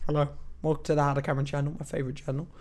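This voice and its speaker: A young man hosting a casual reaction video, sarcastic and prone to loud exclamations and mocking put-on voices. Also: fairly high pitch, little pitch movement, rapid-fire. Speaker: YouTube host reacting to music videos.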